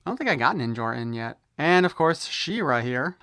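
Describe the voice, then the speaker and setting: A man with a fairly high, smooth and clear voice talks through a toy unboxing in a loose, chatty way. He is opinionated and wry and slips in jokes as he goes. The sound is close and dry, with no room echo. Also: sing-song, fairly quick, hardly any pauses, sharp tone. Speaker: toy reviewer. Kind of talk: casual unboxing review.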